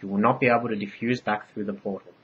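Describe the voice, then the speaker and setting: A man voicing an ancient all-knowing divine queen, part bee, speaking in solemn, measured pronouncements. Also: fairly low pitch, fairly even intonation, lo-fi sound, slight background noise, natural voice.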